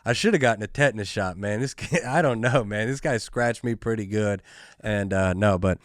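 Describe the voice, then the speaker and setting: A young adult man, a comedian hosting his own podcast, telling a story in a casual, animated way with lots of filler words. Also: fairly low pitch, dry recording, clean studio sound. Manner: animated, fast, full of "like" and "dude".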